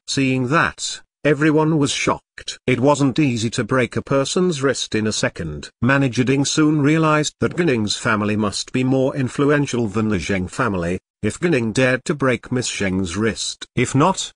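A man narrating an audiobook novel in steady scripted reading. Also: medium pitch, no echo.

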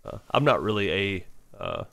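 A man's voice: fairly low pitch, wildly swooping pitch, moderate pace, creaky, a bit bright, no echo. A man hosting a gaming channel, giving casual let's-play commentary and thinking aloud with many fillers.

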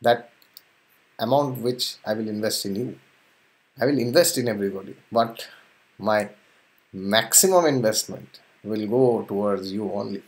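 A man's voice: on the low side, measured pace, pauses often. A man doing a shrewd, boastful boatman. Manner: insistent, boastful of his shrewdness. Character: humble clever boatman, adult man, cheerful.

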